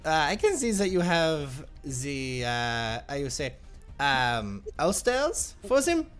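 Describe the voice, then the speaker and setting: A man's voice: on the high side, very animated, slow pace, fairly bright tone, clean tone, soft background music, pitched above the performer's own voice, full character voice. A man voicing a sly, polite male pirate with formal, mannered speech. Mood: genteel. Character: sly, genteel male pirate hiding from a bully.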